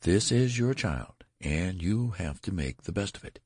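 A man's voice: lowish voice, expressive, moderate pace, gravelly, darkish tone, husky, no echo, clean studio sound, voice pushed up, full character voice. A man voicing a stern, firm woman nurse who speaks severely and insists.

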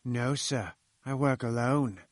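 A man reading a sly, nervous male inventor with a smooth, wheedling manner. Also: medium pitch, slow pace, no echo, lightly acted. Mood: guarded.

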